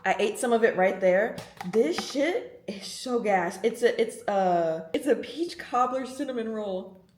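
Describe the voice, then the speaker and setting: A young woman in her twenties vlogging to camera, telling stories in a casual, animated way with plenty of slang, swearing and laughter. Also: fairly high pitch, measured pace, soft background music.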